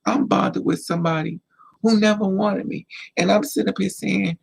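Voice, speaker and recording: A man's voice: high-pitched, steady tone, a little fast, gravelly, darkish tone, a little hiss or hum, poor audio. A man giving emphatic, repetitive life advice in a casual monologue to camera, sounding like a vlogger.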